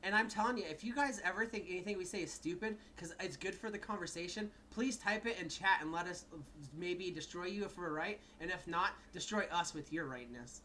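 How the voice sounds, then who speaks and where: A man's voice: high voice, fairly quick, few pauses, bright, forceful tone, a little hiss or hum. A man co-hosting a podcast in casual chat, rambling and swearing, laughing often. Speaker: podcast co-host.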